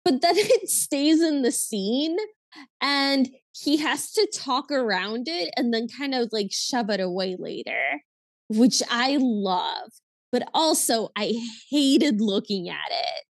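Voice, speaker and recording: A woman's voice: on the high side, expressive, slow, dry recording. A woman from Russia co-hosting a podcast, retelling movie scenes in casual chat and laughing often. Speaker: podcast co-host.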